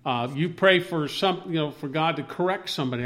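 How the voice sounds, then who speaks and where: A man leading an informal Bible discussion, rambling and halting with many restarts as he quotes scripture. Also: a little high, fairly bright tone.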